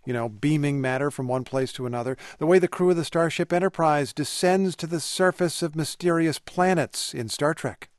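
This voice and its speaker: Male news host, slightly high voice, dry studio read, playful. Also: moderate pace, hardly any pauses, dry recording. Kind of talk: scripted news intro.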